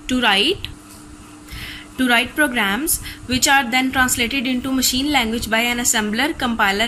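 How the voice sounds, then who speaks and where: Bright-voiced woman teacher, Pakistani accent. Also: a little high, a little hiss or hum, poor audio. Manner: reads steadily from textbook notes. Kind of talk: recorded class lecture.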